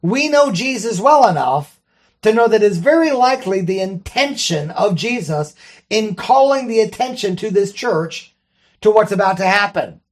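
Moving at a moderate pace with an expressive, medium-pitched voice, this Bible study teacher reads scripture aloud. The teacher explains its grammar carefully, one step at a time, and frequently checks in with the listeners.

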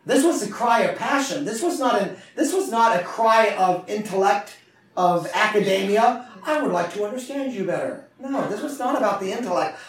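Speaking at normal speed with an expressive, high voice, a pastor delivers a passionate call-and-response sermon to his congregation. There's slight background noise, and the echoey sanctuary is recorded from far away.

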